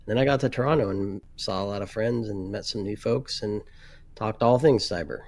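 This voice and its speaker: A man with a fairly low voice co-hosts a relaxed podcast conversation. He pauses often, fills gaps and restarts his sentences as he finds his words. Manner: halting, many fillers and restarts. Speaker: podcast co-host. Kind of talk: casual chat.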